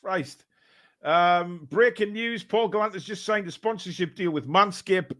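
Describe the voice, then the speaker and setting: A man hosts a fan live stream, reading out donations in loose, joking chat. He fills the gaps with "uh" and "um". His voice sits somewhat high for a man. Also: a little slow, a bit bright. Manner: rambling, joking, many fillers.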